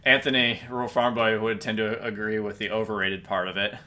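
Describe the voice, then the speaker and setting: A man co-hosting a live-stream podcast, chatting casually and reading viewer comments, relaxed and quick to laugh. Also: on the low side, a little hiss or hum. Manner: relaxed, laughs often, trailing restarts.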